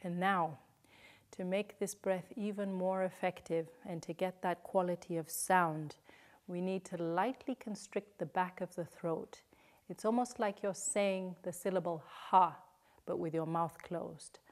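A woman guiding a yoga class, speaking slowly and soothingly, with some cues whispered. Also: lowish voice, fairly even intonation. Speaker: yoga teacher. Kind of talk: guided yoga instruction.

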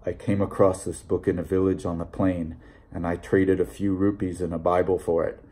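Guy reading as a scottish bible seller, low murmur, mellow and dark, secretive storybook stranger. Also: a little slow, natural voice. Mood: hushed secretive. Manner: low hushed confiding voice. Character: Scottish Presbyterian bible peddler, older man, secretive. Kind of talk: audiobook reading.

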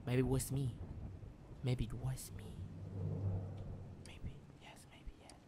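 A man's voice: mid-range voice, monotone, slow pace, in a whisper. A man streaming a horror game, talking to himself nonstop, repeating words and swearing as he plays. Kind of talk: live gameplay commentary.

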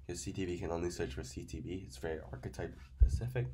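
A man with a fairly low voice who is sick, talking through a card review. He rambles with many fillers and uses grammar. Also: quick pace, dark tone, a little hiss or hum. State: sick, stuffy voice.

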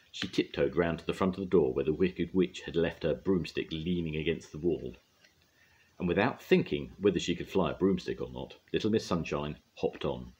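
An older man gently and expressively reading a children's story aloud. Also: rumbling low, husky, muffled recording. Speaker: storyteller grandad.

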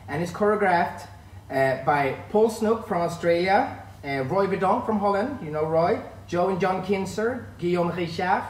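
A man's voice: sits high, roomy sound, distant mic, a little hiss or hum, rough recording. A man in his thirties from northern Sweden with a Swedish accent, a line dance instructor chatting casually on a live stream and greeting viewers by name. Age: 30s. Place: room at home.

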